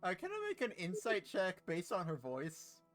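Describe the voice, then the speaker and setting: A player in a tabletop game, talking quickly and animatedly. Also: mid-range voice, wildly swooping pitch, a bit bright, soft background music. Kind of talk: casual play.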